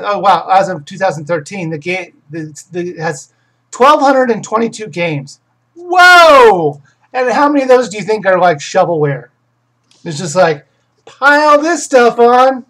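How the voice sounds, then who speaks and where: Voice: mid-range voice, rough recording. A game reviewer hosting a casual live question session who rambles, restarts sentences and gives opinions on games. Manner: rambling, self-correcting, many restarts.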